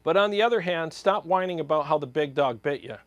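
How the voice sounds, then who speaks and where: A man's voice: on the high side, fast, no room sound. Blunt, heated man ranting. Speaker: guitar channel host. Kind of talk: opinion rant to camera.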